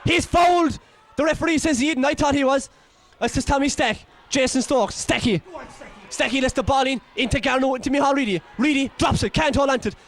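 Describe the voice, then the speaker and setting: Very high-pitched excitable Irish commentator. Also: male voice, fast talker. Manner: excitable, partisan, exclaims and scolds players. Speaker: match commentator. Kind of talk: partisan local sports commentary.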